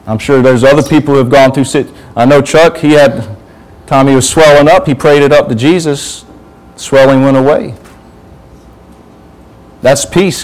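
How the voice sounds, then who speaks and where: A man's voice: medium pitch, rough recording. Guy preaching to the youth group, chatty, keeps asking them stuff. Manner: conversational, asks the group questions. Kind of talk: informal youth sermon.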